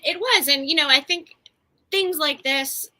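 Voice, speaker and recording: A woman's voice: high voice, a little slow, bright, forceful tone. A woman co-hosting a podcast, chatting casually as she recaps a TV episode with plenty of fillers and asides. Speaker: podcast co-host.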